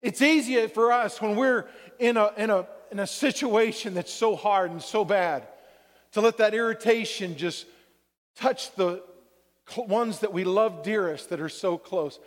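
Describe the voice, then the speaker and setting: A man with a high voice delivers a measured, unhurried sermon as a pastor. He draws the congregation in with call-and-response and acts out what people say. His voice carries the long reverb of a church hall. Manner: preaching with call-and-response "Amen?" and acted-out quotes.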